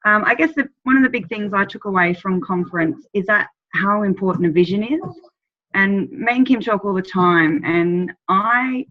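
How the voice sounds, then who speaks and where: A woman's voice: mid-range voice, normal speed. A tired woman sharing on a video call, rambling and apologetic. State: tired after a long drive. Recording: dull lo-fi call audio.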